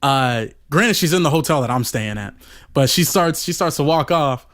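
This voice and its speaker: A man's voice: fairly high pitch, lively intonation, moderate pace, fairly bright tone. A man telling a rambling, profane story on a podcast in a casual way, full of "you know" fillers.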